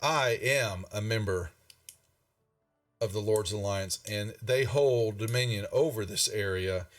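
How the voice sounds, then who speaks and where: A stern old knight, as a game master voices him, speaking firmly with unhurried authority. The voice is fairly low and a little distant from the microphone. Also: male voice, faint music behind, close to an everyday voice. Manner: firm, commanding. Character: stern older male knight of an alliance.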